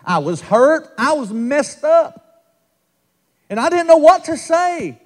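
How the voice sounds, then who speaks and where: A man's voice: very high-pitched, very animated, slow pace. A man preaching a revival sermon, impassioned and calling out to the congregation. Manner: impassioned, call-and-response preaching with rising shouts.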